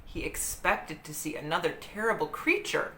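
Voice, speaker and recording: A woman reading a children's book aloud in an expressive, dramatic storytelling manner. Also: low voice, normal speed. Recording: roomy echo with faint hiss.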